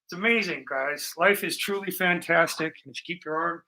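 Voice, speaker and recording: A man's voice: fairly high pitch, a little fast, pushed and bright. A man chatting casually and profanely to his viewers while he paints, talking from his room at home. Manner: rambling, profane, jokey. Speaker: painting livestream host. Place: bedroom at home.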